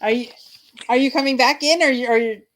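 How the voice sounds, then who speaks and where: A woman's voice: sits high, a little fast. A woman hosting a live-streamed chat show, bubbly and giggly, rambling with fillers as she talks to guests and viewers. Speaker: host.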